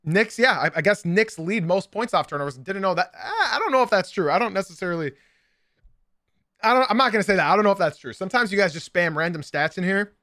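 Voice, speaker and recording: A man hosts a casual sports livestream and chats straight to his viewers. His voice sits high and bright, with frequent ums and loose asides. The sound is dry and close. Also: lively intonation, fast, no room sound. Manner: chatty, filler-heavy, talks straight to chat. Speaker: podcast and stream host.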